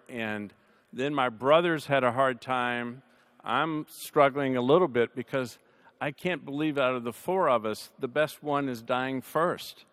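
Guy on a panel telling a family story, chatty with dry jokes, goes soft and quiet on the sad bits, big echoey chapel. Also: medium pitch. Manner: conversational, wry humor, drops to a soft voice at sad moments. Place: large chapel. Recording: long reverb of a large hall.

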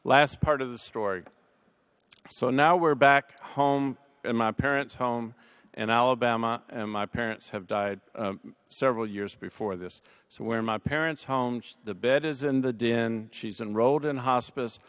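A man speaking on a panel, telling a personal family story in a conversational way, with dry humor, his voice softening at the sad moments. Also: mid-range voice, fairly even intonation, normal speed, smooth. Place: large chapel. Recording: long reverb of a large hall.

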